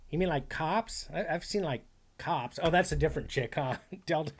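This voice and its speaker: A man's voice: on the high side, a little slow. Rambling, profane streamer guy. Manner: rambling, profane, laughs often, reads chat aloud. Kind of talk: live stream reaction commentary.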